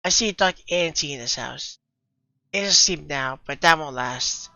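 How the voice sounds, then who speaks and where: Woman doing a mysterious young woman from a game, low hushed ominous delivery, lower pitch, dull lo-fi sound. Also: normal speed, dry recording. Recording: dull lo-fi recording.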